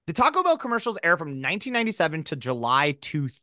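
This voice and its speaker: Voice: mid-range voice, sing-song, fast, sharp tone, no echo, clean studio sound. A podcast co-host in casual chat, rambling and cutting themselves off, often laughing mid-sentence. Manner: rambling, self-interrupting, laughs while talking.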